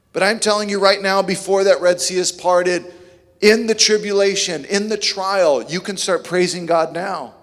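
A man's voice: sits high, fairly even intonation, moderate pace, a bit bright, big-room sound. A man preaching a sermon with emphatic, rhetorical questions. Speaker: pastor.

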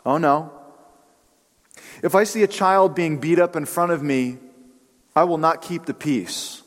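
A man's voice: fairly high pitch, a little slow, long reverb tail. A male pastor giving a sermon in a conversational, storytelling way, with casual fillers.

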